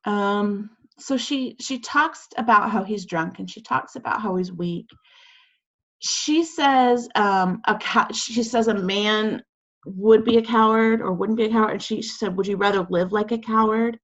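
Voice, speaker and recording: A woman teacher goes through quiz questions with her class over a video call, chatting casually with lots of fillers and acted-out quotes. Her voice is medium-pitched, a little slow, and fairly bright, with the highs cut off.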